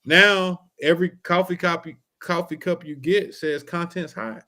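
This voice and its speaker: A man's voice: high voice, steady tone, normal speed, sharp tone. A man co-hosting a podcast in casual chat, laid-back and matter-of-fact. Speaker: podcast co-host.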